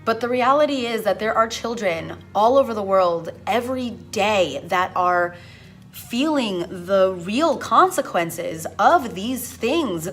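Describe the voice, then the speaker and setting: A woman's voice: medium pitch, lively intonation, fairly bright tone, soft background music. A young woman teacher talking earnestly and with strong feeling in a personal vlog, close to tears at times. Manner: earnest, impassioned, slow-spoken. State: emotional, near tears. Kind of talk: reflective vlog talk.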